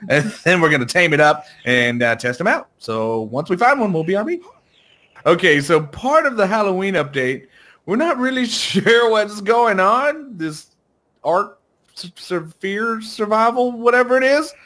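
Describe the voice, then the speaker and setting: A man's voice: sits high, expressive, moderate pace, sharp tone. Goofy young man chatting over a game. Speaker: gaming YouTuber. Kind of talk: casual gameplay commentary.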